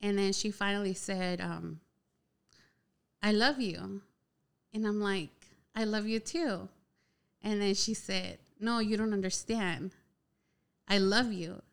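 A young woman casually telling a personal story, chatty and animated, with a lot of "like" filler. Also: medium pitch, slow pace, vocal fry, long pauses, smooth. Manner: chatty, heavy use of "like" filler, animated retelling.

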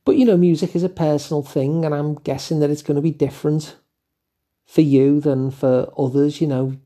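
Older English male host, dark husky voice, calm reflective delivery. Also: a little high, normal speed. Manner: gentle, musing, with fillers and asides. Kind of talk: reflective solo talk.

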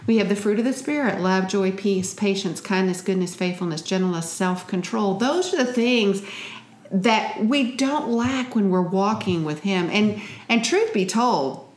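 A woman's voice: medium pitch, animated, measured pace. A middle-aged woman co-hosting a Christian parenting podcast, speaking in an earnest, teaching way and quoting scripture. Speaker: co-host and parenting author. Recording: roomy echo.

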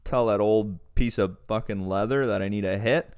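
A man's voice: fairly low pitch, normal speed, darkish tone, smooth, no echo, studio quality. A man in casual chat, laid back and blunt, cracking crude jokes. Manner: laid-back listener, short backchannels, blunt swearing jokes.

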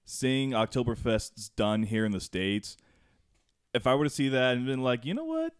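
A man on a casual podcast, talking in a wry, deadpan way. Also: mid-range voice, normal speed, clean tone, no echo, clean studio sound. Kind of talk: casual chat.

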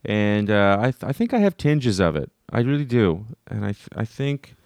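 A man co-hosting a podcast in loose, playful chat, tripping over his words and restarting. His voice is smooth and resonant, a little low, and the recording is dry and close. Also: animated, moderate pace, a little mellow, dry recording. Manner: joking, restarts often, jumpy pitch. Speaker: podcast co-host.

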